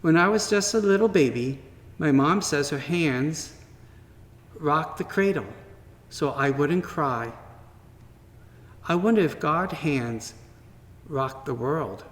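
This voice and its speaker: A man slowly and gently reading a children's story aloud at church, in a wondering tone with pauses. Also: on the high side, lively intonation. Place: church sanctuary. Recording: long reverb from a large hall.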